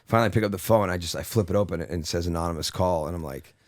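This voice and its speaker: A male comedian telling an animated story on a podcast, often restarting his sentences. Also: low-pitched, very fast. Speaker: comedian guest.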